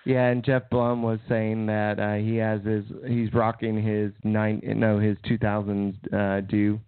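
A man's voice: on the low side, little pitch movement, measured pace, clean tone, no echo. Man chatting sports over a tinny line. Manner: hesitant, many fillers, relays news. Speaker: podcast co-host. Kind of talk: casual sports chat. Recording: tinny phone-like line, dry.

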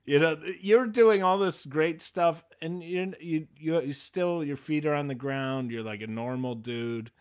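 A man, a comedian, chatting casually on a podcast and talking warmly about a friend. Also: on the high side, a little slow, few pauses, smooth.

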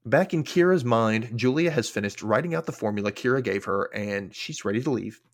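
A man of middle pitch talks through a TV episode on his podcast, rambling and informal. He leans heavily on filler words and swears freely. His delivery is loose and conversational. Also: lively intonation, a little fast. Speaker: podcast host. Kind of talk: casual episode recap.

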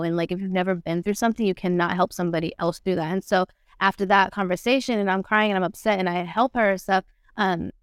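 A woman guest on a podcast, telling a personal story in a blunt, profane and animated way. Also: medium pitch, clear, resonant tone, no room sound, studio quality. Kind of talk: candid conversational storytelling.

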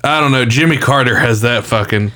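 A man co-hosting a podcast, chatting casually and profanely about politics. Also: medium pitch. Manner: profane, animated, quick to laugh. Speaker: podcast co-host.

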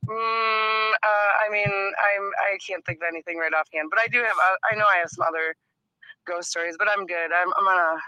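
A male caller telling a story on a casual podcast, earnest and intent. His voice sits high and bright, with a dry, close sound. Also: fairly quick, smooth, no room sound, highs cut off.

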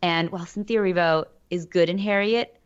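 A woman's voice: fairly low pitch, fairly even intonation, a little fast, smooth. A woman on a film podcast panel, opinionated and casual, with frequent fillers and restarts. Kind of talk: casual chat. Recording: dull lo-fi audio.

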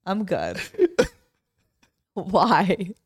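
A woman's voice: fairly low pitch, very animated, very slow, husky, no room sound. Young woman, casual chat, teasing, laughing, dry sound. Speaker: podcast guest, host's wife.

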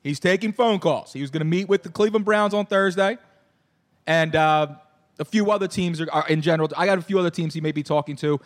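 A man rattles along at high speed in a slightly high voice as he hosts a sports podcast from a bar. He rambles, doubles back on his words and fills the gaps with filler sounds. The talk is loose and casual. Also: fast talker. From Philadelphia. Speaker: podcast host.

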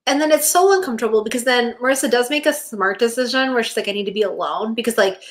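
A woman's voice: fairly high pitch, quick pace. A young woman co-hosting a podcast, chatting casually about a TV episode, full of "like" and acting out characters' lines. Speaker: podcast co-host. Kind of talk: casual chat recapping a TV episode.

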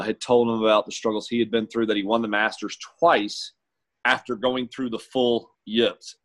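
A man's voice: mid-range voice, fairly bright tone. A man who works as a golf caddie, telling his story in an interview in an earnest, heartfelt, reflective way.

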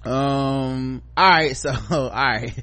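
A middle-aged man co-hosting a podcast, chatting casually and reading listener feedback, acting out stories with loud profane quotes. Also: mid-range voice, takes it slowly. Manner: animated storyteller, profane, acts out quotes loudly. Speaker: podcast co-host.

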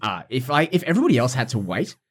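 A man's voice: medium pitch, very animated, fast, breathy edge. A young man co-hosting a casual podcast, ranting in exasperation and peppering his talk with likes. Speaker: podcast co-host. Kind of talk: casual chat.

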